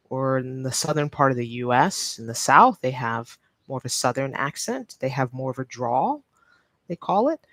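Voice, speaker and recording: A woman's voice: extremely low pitch, a bit bright, no room sound. A woman English teacher from New York with a neutral accent, speaking patiently in a live-stream lesson and repeating key points. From New York, United States.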